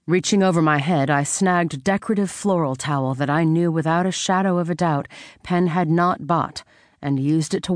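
Low-voiced woman narrating an audiobook. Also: dry recording, clean studio sound. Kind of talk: first-person audiobook narration.

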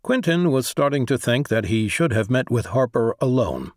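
A man narrating a science fiction audiobook in an even storytelling delivery. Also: mid-range voice, moderate pace, no room sound, studio quality. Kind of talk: scripted narration.

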